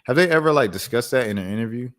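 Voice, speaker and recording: A man hosting a live stream and chatting casually, reacting to news in loose slang and thinking out loud. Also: medium pitch, animated, rapid-fire. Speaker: streamer host.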